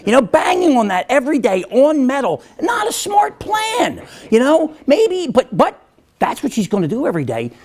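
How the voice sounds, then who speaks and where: Animated man telling a funny story. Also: very high-pitched, brisk. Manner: animated, acts out voices, self-mocking humor. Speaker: motivational speaker. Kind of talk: storytelling keynote speech.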